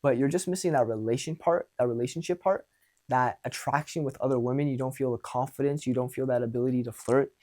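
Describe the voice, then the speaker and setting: A young man talks straight to the camera as a dating coach, casual and blunt with frequent swearing. He acts out bits of dialogue to make his points, at a voice of ordinary, middle pitch. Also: fast, darkish tone. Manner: blunt, profane, acts out quoted exchanges. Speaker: dating and social skills coach. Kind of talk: casual advice monologue.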